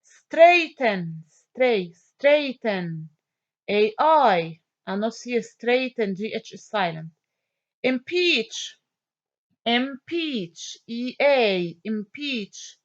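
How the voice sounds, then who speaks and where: A woman teacher giving an online phonics lesson, repeating each word slowly and checking in with "okay?". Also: on the high side, expressive. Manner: slow, drawn-out word repetition with frequent "okay?" checks. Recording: dull lo-fi sound.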